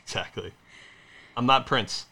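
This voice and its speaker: A man's voice: medium pitch, vocal fry, bright, forceful tone, slight background noise. A man co-hosting a podcast, teasing his partner in casual banter with a lot of fillers. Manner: teasing, playful, halting with fillers. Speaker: podcast co-host.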